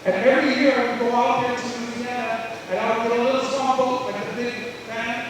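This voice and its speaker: A middle-aged man, a former teacher, giving an emphatic motivational speech to students with animated storytelling. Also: fairly quick, background noise. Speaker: guest speaker, former teacher. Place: large school hall or gym. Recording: booming echoey hall from far off.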